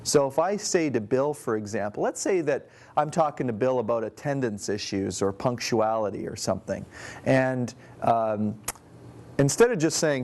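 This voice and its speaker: A man's voice: medium pitch, expressive, moderate pace, darkish tone. A man who works as a trainer and executive coach, explaining a point in a conversational way and telling anecdotes. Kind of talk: training presentation.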